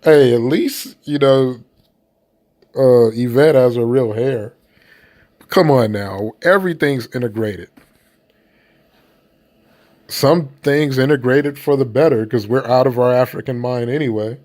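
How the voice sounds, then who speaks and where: Male commentator, mid-pitched voice, blunt and profane, rambles loosely, casual opinion talk. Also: measured pace, pauses often, darkish tone. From United States.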